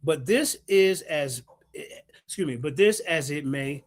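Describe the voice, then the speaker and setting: Man, high and lively voice, cocky debate-stream host on a heated rant. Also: a little slow. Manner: brash, profane, mocking, reads out sources. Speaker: livestream host.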